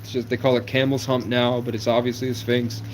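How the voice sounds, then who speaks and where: Man in his 20s, New England, livestreamer; rambling, conspiratorial monologue in a flat delivery. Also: mid-range voice, a little fast, a little hiss or hum. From New England, USA. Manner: rambling, conspiratorial, jumps between topics.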